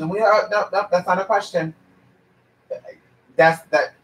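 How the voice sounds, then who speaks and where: Sassy, profane high-voiced man. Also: big pitch swings, moderate pace, fairly bright tone, recorded from a distance. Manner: brassy, profane, sassy and preachy. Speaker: paid advisor answering viewer questions. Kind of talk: blunt ranting monologue. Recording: echoey room, away from the mic.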